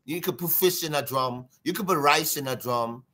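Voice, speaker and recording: Animated Trinidadian man, bright voice. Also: on the high side, normal speed. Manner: lively, sing-song, imitates drum sounds. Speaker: guest drummer. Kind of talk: animated storytelling interview.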